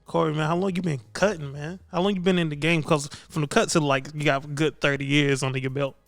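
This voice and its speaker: A man hosting a podcast talks in a slightly raised pitch with a smooth, clear voice. He sounds hyped and slangy, and the recording is dry and close. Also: fairly even intonation, fast, no echo. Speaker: podcast host. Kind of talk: casual podcast chat.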